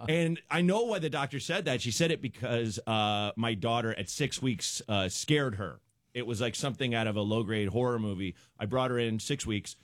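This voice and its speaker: A man's voice: mid-range voice, moderate pace, no room sound, clean studio sound. A middle-aged man, a guest comedian, telling funny stories in casual chat, acting out quotes and laughing often. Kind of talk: comic storytelling in casual chat.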